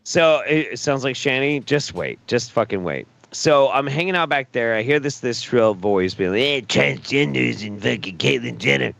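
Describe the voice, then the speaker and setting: A man's voice: medium pitch, sing-song, moderate pace, hardly any pauses, fairly bright tone. A man telling a rambling, profane story on a casual podcast.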